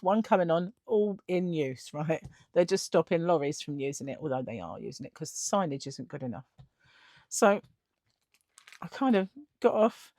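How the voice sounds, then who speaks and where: A woman's voice: on the low side, darkish tone, no echo, clean studio sound. A middle-aged woman telling a story in a casual vlog, chatty and laughing often, acting out the other people in it. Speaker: vlogger.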